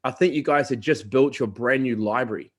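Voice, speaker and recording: A man's voice: medium pitch, fairly quick. Chatty New Zealand man interviewing. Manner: chatty, anecdotal. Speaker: interviewer, college recruiter. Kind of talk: casual interview chat.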